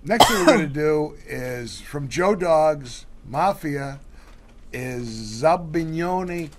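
A man's voice: on the high side, animated, slow pace, heavy background noise. A man co-hosting a casual cooking show, walking through recipes step by step with many fillers and restarts.

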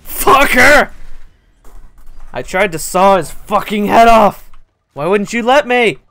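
An excitable gamer narrates their own play, and the voice swings up and down a lot. The delivery is unhurried between outbursts, with a bright, forceful tone and plenty of swearing. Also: mid-range voice. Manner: excitable, swears a lot, yelps and laughs at the game. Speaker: gaming channel host. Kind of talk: gameplay commentary.

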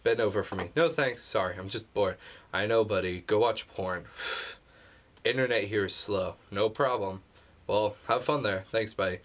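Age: young adult. Role: joking let's-play host. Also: male voice, fairly low pitch, normal speed. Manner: joking, sarcastic reactions, reads texts aloud. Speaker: gaming channel host. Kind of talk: casual let's play commentary.

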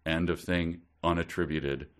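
A man's voice: sits low, fairly even intonation, a little slow. A man co-hosting a podcast, chatting about a book in a dry, incredulous, mocking way. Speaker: podcast co-host. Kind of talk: casual comedic book discussion.

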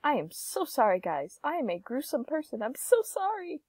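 A woman's voice: high voice, big pitch swings, moderate pace, darkish tone, dry recording. A young woman giving giggly, playful gameplay commentary, sometimes singing or whispering. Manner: giggly, playful, drifts into sing-song and whispers. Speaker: gaming YouTuber.

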